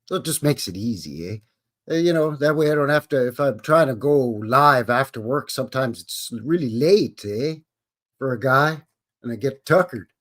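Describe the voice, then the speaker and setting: A man's voice: mid-range voice, animated, moderate pace, fairly bright tone. A middle-aged man with a Western Canadian accent, hosting a casual live stream and greeting viewers in a folksy way.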